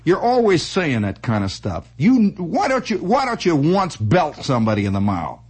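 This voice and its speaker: A man's voice: fairly high pitch, wildly swooping pitch, moderate pace, a little mellow, husky, full character voice. A man voicing a fed-up young woman who taunts and nags her companion. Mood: taunting. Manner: nagging, taunting.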